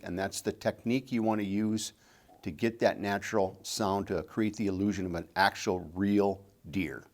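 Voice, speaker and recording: A man's voice: on the low side, darkish tone. A middle-aged man teaching calling technique, patient and repeating key points. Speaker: game call instructor. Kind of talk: instructional demonstration.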